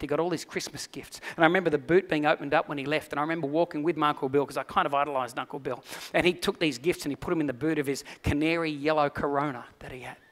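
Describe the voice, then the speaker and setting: Male Australian pastor, high, forceful voice, lively storyteller who softens into earnest preaching. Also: in a large hall. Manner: animated storyteller, dropping to a quiet, earnest tone for the message. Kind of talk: sermon with personal storytelling.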